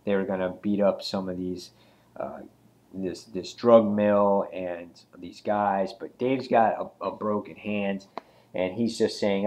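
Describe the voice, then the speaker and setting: A man with a fairly low voice talks through a comic book issue in a loose, casual way. He rambles and restarts often and fills the pauses with ums. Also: fairly even intonation, darkish tone. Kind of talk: casual spoken review.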